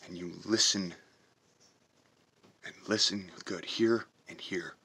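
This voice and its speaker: Very deep, husky, forceful ranting man. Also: fairly even intonation. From United States. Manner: profane, confrontational, emphatic, with slow drawn-out stresses. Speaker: reaction video host. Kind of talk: heated patriotic rant to camera.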